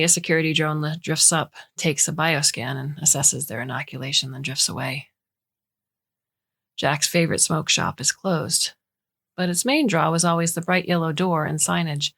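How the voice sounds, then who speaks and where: A woman with a notably low voice reads a story aloud. Her delivery is scripted, measured and even. The pacing is steady throughout. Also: vocal fry. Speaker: narrator.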